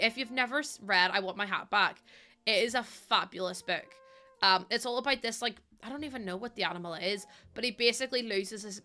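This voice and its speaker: A woman's voice: medium pitch, sharp tone. A woman streaming a game in a casual, rambling chat. She giggles often, says um a lot, and coos in baby talk to her dog. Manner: chatty and giggly, rambling with many ums.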